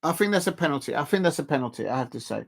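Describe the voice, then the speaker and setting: A man's voice: on the high side, animated, racing, creaky, background noise. Man, live football reaction streamer, chatty, laughs often, greets viewers. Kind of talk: live match reaction commentary.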